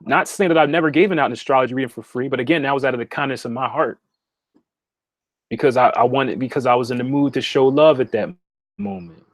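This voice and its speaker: A man runs a casual livestream from his home meditation room, acting as a spiritual consultant who speaks straight to his viewers. He talks at a quick pace and medium pitch, repeats himself and keeps asking "okay?", on a dry recording with clean studio sound.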